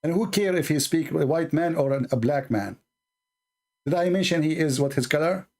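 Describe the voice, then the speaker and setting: A man's voice: fairly high pitch, moderate pace, darkish tone. A man hosting his channel, ranting at viewers in a combative, sarcastic and insulting way. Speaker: channel host. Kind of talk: angry rant to viewers.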